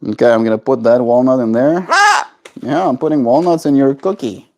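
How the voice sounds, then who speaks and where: A man chatting casually on a live stream from home in a gentle, unhurried way, talking to his pet and answering viewer comments. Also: medium pitch. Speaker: livestreamer.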